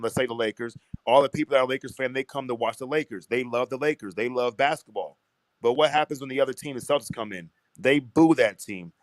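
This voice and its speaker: A man's voice: medium pitch, dry recording, low-quality recording. A man talking casually and profanely on a livestream, rambling through big ideas in a streetwise way.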